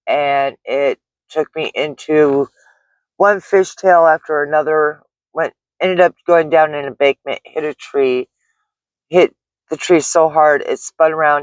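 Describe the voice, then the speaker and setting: A woman's voice: sits low, no room sound, highs cut off. A middle-aged woman, a delivery driver, recounting a frightening experience in a rambling vlog story full of restarts and fillers. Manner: rambling, shaken retelling with many restarts and fillers.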